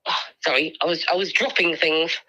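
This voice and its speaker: A woman's voice: sits low, fairly even intonation, a little fast, sharp tone, poor audio. A woman co-hosting a casual livestream, reading out viewer comments in a playful, giggly way with lots of ums.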